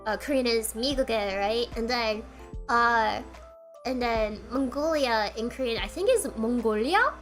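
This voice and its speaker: A woman's voice: fairly high pitch, normal speed, soft background music. A woman streamer telling a rambling story in a casual, giggly way, full of filler words, with her throat getting tired. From United States.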